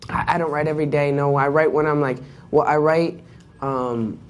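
A man being interviewed casually, talking in a relaxed, halting way with lots of fillers. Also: a little high. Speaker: interview guest.

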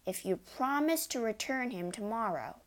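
An easygoing boy, voiced by a woman reader, speaks casually and matter-of-factly, a little higher than her own voice. His lines are relaxed, in a storybook scene between school friends. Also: normal speed, close to an everyday voice.

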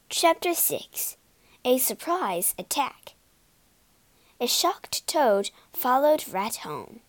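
A woman reading a children's storybook aloud in an expressive, deliberate way. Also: high voice, no room sound. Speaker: narrator. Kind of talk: storybook read-aloud narration.

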